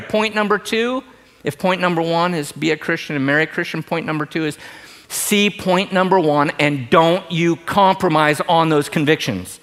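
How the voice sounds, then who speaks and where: Animated man preaching a sermon. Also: on the high side, normal speed. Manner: animated, jokey, shifts from loud emphasis to hushed asides. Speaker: pastor.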